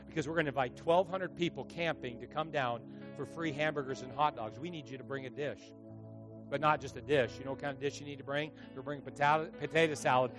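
A middle-aged man preaching a sermon as pastor, telling stories with jokes and acting out the voices of people in them. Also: medium pitch. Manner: animated, joking storyteller who acts out voices.

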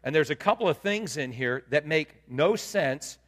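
A man preaching a lively sermon to his congregation, asking them questions as he goes. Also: a little high, normal speed. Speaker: pastor. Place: church sanctuary. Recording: long hall reverb.

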